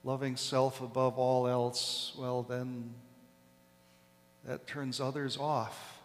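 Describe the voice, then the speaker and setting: Slow, deliberate pastor in an echoing church. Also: male voice, mid-range voice, level tone. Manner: slow, deliberate preaching with emphatic stresses. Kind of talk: sermon. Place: large church sanctuary. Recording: long echo of a church hall.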